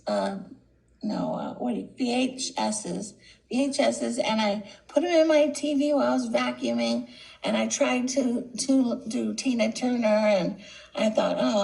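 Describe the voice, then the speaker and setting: A woman telling a lively anecdote on a video call, acting out the people she quotes. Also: a little high, measured pace, creaky, low-quality recording. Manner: bubbly, quoting others in voices. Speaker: guest speaker. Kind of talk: storytelling anecdote.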